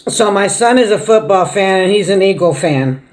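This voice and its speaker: A woman's voice: medium pitch, animated, moderate pace. Chatty middle-aged woman eating on camera. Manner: chatty, laughs often, murmurs while chewing. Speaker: mukbang vlogger. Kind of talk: casual chat while eating. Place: at home.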